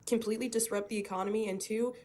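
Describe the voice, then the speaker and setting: A woman in her twenties joins a live stream by video call. She speaks with fervent urgency, pushing through her points quickly and restarting sentences as she goes. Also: mid-range voice, fairly even intonation, a little mellow. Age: 20s. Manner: fervent, rapid, self-interrupting. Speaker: caller. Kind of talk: casual political discussion.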